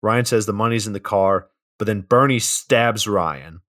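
Low-voiced laid-back man recapping a movie. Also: a little slow, fairly bright tone. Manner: laid-back plot recap, swears often. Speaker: podcast co-host. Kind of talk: casual movie review chat.

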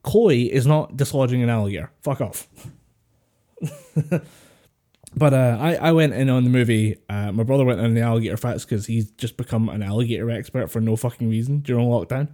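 A podcast co-host with a brisk, mellow, mid-range voice rambles over a voice call, laughing often and swearing casually. He's recorded through a voice-call headset or desk mic.

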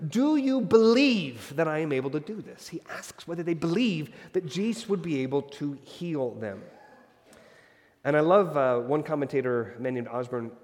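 A man preaching an expository sermon, moving between emphatic lines and hushed ones. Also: a little high. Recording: hall reverb.

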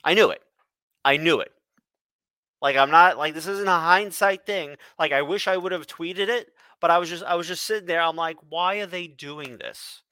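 Male co-host, opinionated and emphatic, bright, clear voice, dry sound. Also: on the high side, moderate pace, no room sound. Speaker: podcast co-host. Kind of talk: casual wrestling podcast chat.

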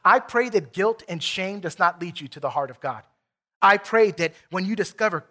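A pastor with a Texan accent preaching an earnest, emphatic sermon in a church and reading scripture aloud. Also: male voice, sits high, expressive, normal speed, pushed and bright. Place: church sanctuary.

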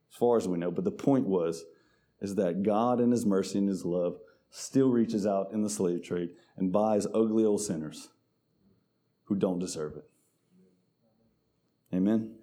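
Dark-voiced preacher with a drawl. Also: male voice, lowish voice. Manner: preaches to the congregation, reads scripture slowly with emphasis. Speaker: pastor. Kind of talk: sermon.

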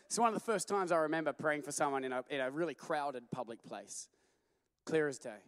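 A man preaching a sermon as a pastor, telling stories animatedly and at times rising to a shout. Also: a little high, brisk, in a large hall.

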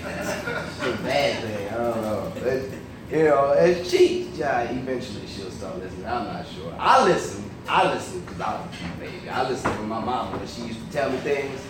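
A young man doing a live stand-up set in a comedy club. He talks loosely, laughs along with his own jokes and shouts out the lines he quotes. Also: mid-range voice, animated, normal speed, background noise. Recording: echoey club miked from a distance.

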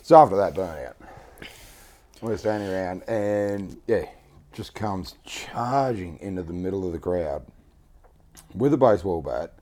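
A man's voice: low voice, expressive, unhurried, pauses often, dark tone. A young man telling a rowdy story in casual chat, swearing often and laughing as he goes. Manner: laid-back, swears a lot, laughs through his story.

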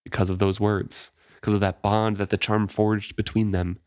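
A man co-hosts a casual book discussion podcast, reading passages aloud and commenting with easy laughs. His voice is on the low side and flat at a moderate pace, in clean studio sound with no echo.

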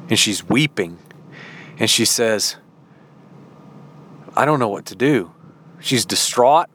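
A man preaching a sermon, telling a story slowly and dramatically and acting out the dialogue. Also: fairly low pitch, expressive, fairly bright tone, slight background noise.

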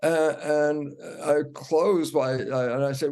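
Older male guest, an animated storyteller who acts out his quotes. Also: a little high, slow. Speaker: guest, cell biologist. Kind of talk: storytelling in an interview.

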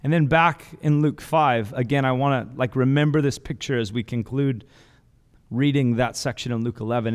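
A man's voice: medium pitch, fairly even intonation, moderate pace, smooth. A man preaching a sermon as pastor, earnest and conversational, with casual asides and restarts. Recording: long hall reverb.

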